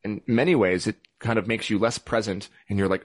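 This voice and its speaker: A man's voice: fairly low pitch, a little fast. A man in adult years, a podcast guest, explaining his views thoughtfully in a reflective conversation.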